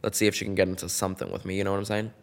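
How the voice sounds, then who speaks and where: Campy, animated young man with a low voice. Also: racing, creaky. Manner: animated, swings between loud bursts and soft asides; campy, gossipy and playful. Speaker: podcast host. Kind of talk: casual solo podcast chat.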